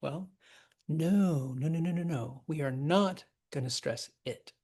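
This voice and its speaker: Slow, husky woman teaching verse. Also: low voice, dark tone. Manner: chatty, many fillers, taps out stresses aloud. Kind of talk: lecture on verse scansion.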